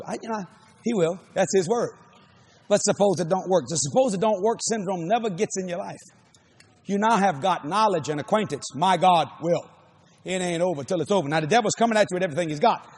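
Older man, Cajun accent, preaching, high voice, husky, shouts and repeats himself. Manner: emphatic, repetitive, often shouting. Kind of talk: sermon.

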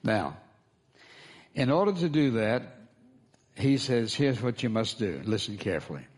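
A man's voice: on the low side, sing-song, a little slow, darkish tone. A man as pastor, preaching a sermon, calling for responses from the congregation and repeating key phrases for emphasis.

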